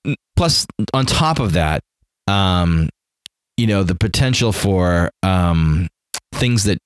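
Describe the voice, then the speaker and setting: A middle-aged priest co-hosting a casual podcast chat, animated and playful, often restarting his sentences. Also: low-pitched, slow pace, clean tone, no room sound.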